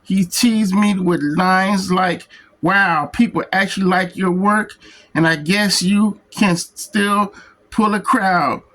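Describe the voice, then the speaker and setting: A man's voice: high-pitched, a bit bright, poor audio. A man reviewing a comic book who reads its printed text aloud, stumbling and restarting on words. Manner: slow, halting reading that stumbles and restarts on words. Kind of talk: reading a book's text aloud.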